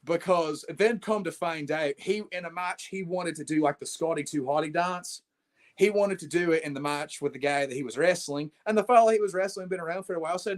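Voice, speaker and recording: A man's voice: fairly high pitch, fairly quick. A brash young man, a wrestling champion, telling swaggering stories in a casual interview and calling people mate.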